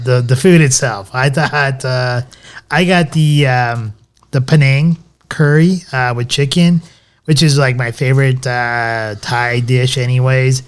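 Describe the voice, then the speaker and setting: A man's voice: mid-range voice, clear, resonant tone. Rambling casual man reviewing food. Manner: rambling, many fillers and restarts. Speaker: podcast co-host. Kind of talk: casual chat, restaurant review.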